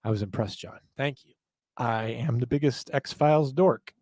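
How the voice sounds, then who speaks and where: A man's voice: mid-range voice, moderate pace, a little mellow, no room sound. A man hosting a podcast aftershow, rambling in casual chat and laughing at himself. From northern United States. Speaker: podcast host.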